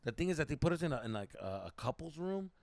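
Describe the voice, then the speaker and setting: A man hosting a podcast, telling stories casually, animated and profane, slipping into Spanish slang. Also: on the high side, fast. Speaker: podcast host. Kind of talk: casual storytelling.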